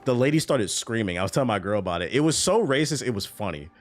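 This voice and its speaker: Animated, lively-voiced gaming streamer man. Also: medium pitch, fast talker, faint music behind. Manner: animated, laughing, swearing. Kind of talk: casual storytelling while gaming.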